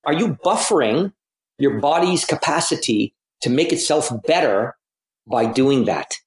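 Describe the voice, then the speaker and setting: A man who coaches cycling, talking in a halting way and repeating words as he thinks aloud. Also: mid-range voice, lively intonation. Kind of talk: casual podcast chat. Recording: echoey room.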